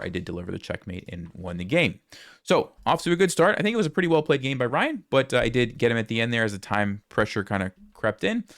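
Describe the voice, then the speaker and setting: A man reviewing one of his own chess games for viewers, thinking aloud in a relaxed, conversational way and speaking to the audience directly. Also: mid-range voice, dry recording, clean studio sound. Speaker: chess content creator reviewing his game. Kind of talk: casual game analysis commentary.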